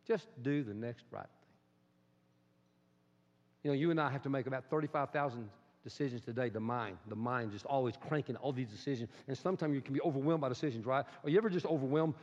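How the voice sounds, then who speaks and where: A middle-aged male pastor giving a sermon in an emphatic style, with bursts into high, excited exclamations. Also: racing, few pauses, long reverb tail, lo-fi sound.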